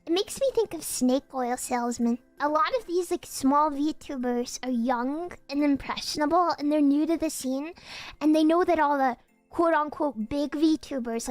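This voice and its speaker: Woman in her twenties, streamer, blunt and teasing, high voice, casual chat. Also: dry recording. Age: 20s.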